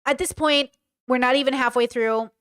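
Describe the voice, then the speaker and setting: High-pitched, blunt young woman streamer. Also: normal speed, clear, resonant tone. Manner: animated, blunt, swears freely. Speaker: commentary streamer. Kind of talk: live stream reaction commentary.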